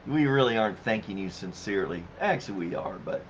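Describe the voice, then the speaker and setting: A man's voice: lively intonation, fast talker. A man in his fifties hosting a casual livestream, chatting easily, laughing often and reading viewer comments aloud. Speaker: livestream host reading chat. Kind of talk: casual live-stream chat. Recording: dull low-fi stream audio with faint noise.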